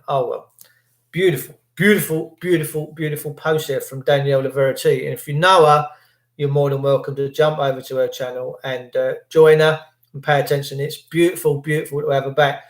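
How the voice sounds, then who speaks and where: A man's voice: fairly high pitch, steady tone, a little fast, reverberant. A British man hosting a livestream, ranting in a sarcastic, indignant and rambling way. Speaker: livestream host.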